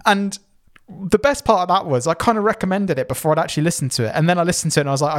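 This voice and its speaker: A man's voice: a little high, racing. A man, co-hosting a podcast, chatting casually and rambling with fillers and restarts. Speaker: podcast co-host. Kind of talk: casual podcast review chat.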